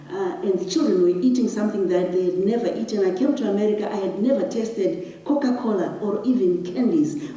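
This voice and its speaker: A woman's voice: mid-range voice, dark tone. A woman from Zimbabwe giving a talk on stage, telling a personal story with emotion and building to impassioned questions. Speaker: guest speaker. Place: large hall. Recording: echoey hall, distant mic.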